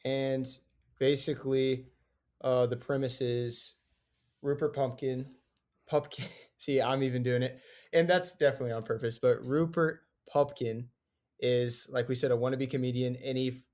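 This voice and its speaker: A man's voice: medium pitch, fairly even intonation, normal speed, darkish tone. A man co-hosting a podcast, casually explaining a film's premise and why it matters, with some restarts. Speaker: podcast co-host. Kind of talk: casual film discussion.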